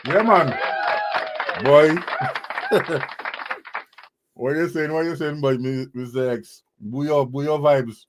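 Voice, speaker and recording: Energetic man hosting a show. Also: fairly high pitch, slow, pauses often, a little hiss or hum. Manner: energetic, hypes artists, laughs often. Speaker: show host. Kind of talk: lively live show hosting. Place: studio.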